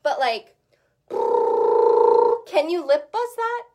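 A woman's voice: high voice, big pitch swings, slow, a little mellow. Chatty woman vocal coach. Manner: chatty, lots of fillers, sings short demo notes. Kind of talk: casual teaching chat.

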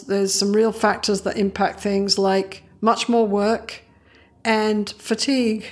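A woman psychologist, a guest on an interview, explaining her ideas through lively stories and acting out the voices of the people she describes, often with a laugh. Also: medium pitch. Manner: expressive, acts out voices in anecdotes. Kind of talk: interview storytelling.

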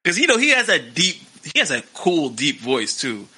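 A man chatting excitedly about wrestling, swearing freely and acting out quotes. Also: fairly high pitch, normal speed, breathy edge, rough recording. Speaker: wrestling podcast co-host. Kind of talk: casual chat.

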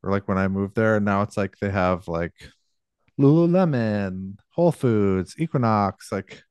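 A man's voice: on the low side, lively intonation, unhurried, a little mellow, clear, resonant tone, no echo, studio quality. A man co-hosting a podcast in casual chat, telling rambling stories full of fillers. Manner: rambling storyteller, many fillers. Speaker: podcast co-host.

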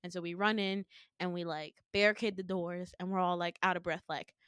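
A young woman co-hosting a casual chat podcast, recounting a dream with lively storytelling and acted-out voices. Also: on the low side, fairly quick, smooth, no echo, studio quality. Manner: animated storytelling, acts out quoted voices, laughs often.

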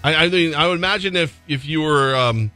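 A man's voice: fairly high pitch, a little fast, bright, forceful tone, faint music behind. A man co-hosting a sports radio show, chatting casually and rambling through a live ad read, laughing easily. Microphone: studio microphone.

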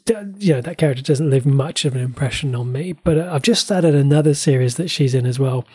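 A man's voice: medium pitch, fast talker, mellow, breathy edge, dry recording, studio quality. A man from England co-hosting a casual podcast about shows, chatty, with playful mock indignation and frequent restarts. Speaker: podcast co-host. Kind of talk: casual entertainment review chat.

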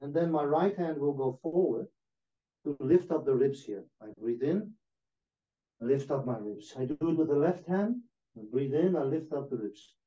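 A man calmly talking someone through a relaxation and stretching exercise, step by step. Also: a little high. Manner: calm, slow step-by-step instructions. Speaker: movement teacher. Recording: dull lo-fi sound.

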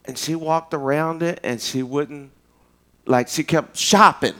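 Animated joking male preacher. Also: fairly high pitch, unhurried. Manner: animated, joking, talks straight to the audience. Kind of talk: casual storytelling sermon.

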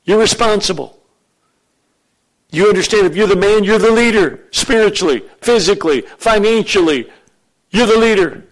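A man preaching a sermon as pastor, animated and joking with his congregation in a church. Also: high-pitched, normal speed, poor audio.

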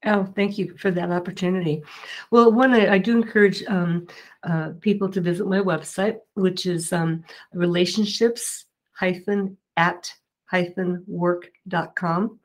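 A middle-aged woman speaks as an interview guest, explaining her work in an earnest, patient way. Her voice sits on the lower side. She pauses often with fillers and starts over mid-sentence. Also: steady tone. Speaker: mediator and guest. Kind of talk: interview answers.

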